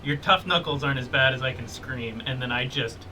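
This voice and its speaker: A man's voice: mid-range voice, a little fast, pushed and bright. Dry, distant-sounding male player. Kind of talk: casual play at a tabletop game. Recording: distant mic with faint noise.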